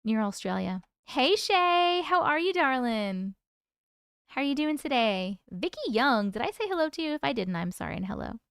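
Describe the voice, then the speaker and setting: A woman's voice: sits high, big pitch swings, moderate pace, vocal fry, fairly bright tone, clear, resonant tone, no echo, studio quality. A woman hosting a casual livestream, reading out viewer comments and greeting people by name in a chatty, affectionate way. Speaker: livestream host.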